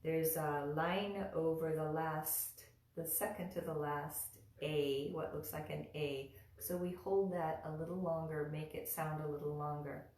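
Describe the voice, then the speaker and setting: A woman teaching mantra pronunciation in a live online lesson, patiently repeating each syllable slowly for her students to practice. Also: deep voice, fairly even intonation, darkish tone, reverberant.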